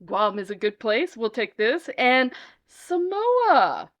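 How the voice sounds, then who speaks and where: A woman's voice: fairly high pitch, big pitch swings, takes it slowly, fairly bright tone, full character voice. A woman voicing a pushy male American whaling captain with a brash, breezy manner.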